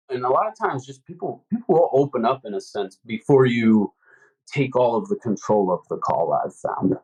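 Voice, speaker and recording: A man's voice: mid-range voice, lively intonation, normal speed, a little mellow, breathy edge, low-quality recording. A man talking as a guest salesman in a casual interview, earnest and rambling with lots of fillers. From Ohio. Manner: earnest, rambling, many "you know" fillers. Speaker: home services salesman, guest.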